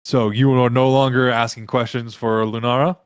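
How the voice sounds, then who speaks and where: A man narrating a tabletop game as game master in casual, animated talk with many fillers. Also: medium pitch, normal speed, clear, resonant tone, no room sound, studio quality.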